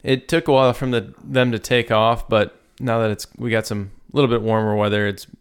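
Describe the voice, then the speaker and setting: A man co-hosting a casual podcast, talking in a rambling, halting way with many fillers. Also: lowish voice, little pitch movement, clear, resonant tone. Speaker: podcast co-host. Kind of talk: casual chat.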